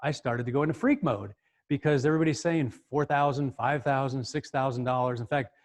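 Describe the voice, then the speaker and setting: A middle-aged man tells a story in a lively way, repeating words as he goes. His pitch sits at an ordinary middle height for a man. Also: fairly quick. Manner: animated, acts out the other voices, repeats words as he goes. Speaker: speaker. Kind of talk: storytelling talk.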